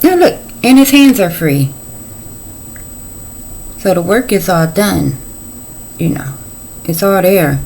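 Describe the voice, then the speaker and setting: A woman's voice: fairly low pitch, a little mellow, a little hiss or hum, low-quality recording. A middle-aged woman giving a casual tarot reading, chatty and folksy with playful asides. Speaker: tarot reader.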